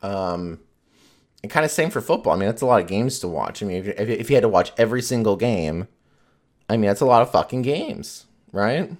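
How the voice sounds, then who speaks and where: A man's voice: fairly low pitch, lively intonation, fairly quick. A man chatting casually as a podcast host, rambling and swearing freely with lots of fillers. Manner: rambling, profane, filler-heavy. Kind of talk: casual chat.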